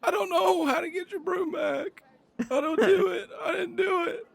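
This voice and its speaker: A man's voice: very high voice, normal speed, creaky, no echo, pitched above the performer's own voice. A sobbing, panicked halfling boy. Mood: terrified pleading. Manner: screaming, sobbing. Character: terrified crying halfling boy.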